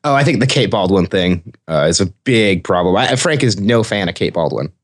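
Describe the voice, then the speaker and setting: A man co-hosting a casual TV recap podcast, animated and quoting characters. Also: low voice, fairly quick. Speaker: podcast co-host.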